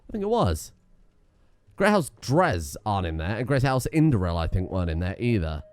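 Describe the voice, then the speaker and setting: Sarcastic British gamer with a lively voice. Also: male voice, lowish voice, a little fast. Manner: sarcastic, swearing, laughing asides. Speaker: gaming streamer. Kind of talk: casual let's-play commentary.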